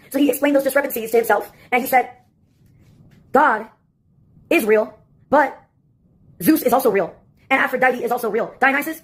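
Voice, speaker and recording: A woman's voice: on the high side, slightly rough. A woman delivering a rambling, sarcastic comic monologue that jumps from topic to topic.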